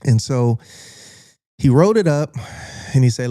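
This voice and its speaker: Podcast host, American man, mellow low voice, dry close sound, animated profane storyteller who acts out quotes. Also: measured pace, pauses often, dry recording. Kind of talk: casual storytelling.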